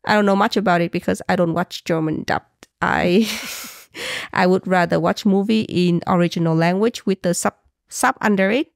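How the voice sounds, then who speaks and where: Vietnamese-accented woman podcast co-host, animated and giggly, dry booth sound. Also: fairly low pitch, moderate pace, gravelly, dry recording. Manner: animated, laughing often, calls partner honey. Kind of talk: casual chat.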